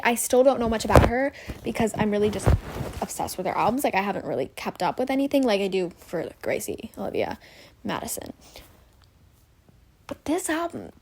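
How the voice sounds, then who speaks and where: A young woman hosts a casual solo podcast, rambling and gushing with plenty of fillers and self-corrections, occasionally dropping to a whisper. Her voice is on the high side with a darkish tone.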